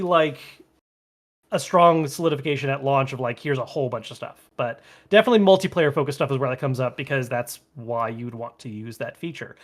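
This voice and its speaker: A man co-hosting a video game podcast, chatting casually and rambling with lots of filler words. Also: on the high side. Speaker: podcast co-host. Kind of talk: casual chat.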